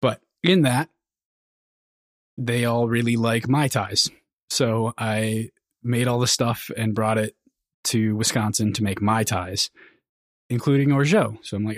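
A man's voice: medium pitch, a little slow, dry recording, studio quality. A man co-hosting a podcast in casual chat, rambling and teasing, chuckling in the middle of his sentences. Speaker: podcast co-host.

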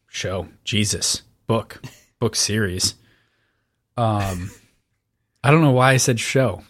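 A man's voice: medium pitch, animated, slow, long pauses, no echo, studio quality. A man co-hosting a casual book discussion, rambling and making wry jokes. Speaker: podcast co-host.

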